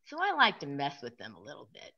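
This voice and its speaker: A woman's voice: extremely low pitch, huge pitch swings, fast, pushed and bright, dull audio. A woman comic doing a stand-up set of punny one-liners.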